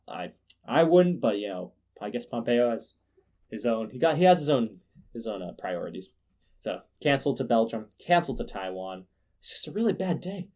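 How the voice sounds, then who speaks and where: A man hosting a casual news podcast, sarcastic and quick to laugh, often restarting his words. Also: mid-range voice, big pitch swings, darkish tone. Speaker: podcast host.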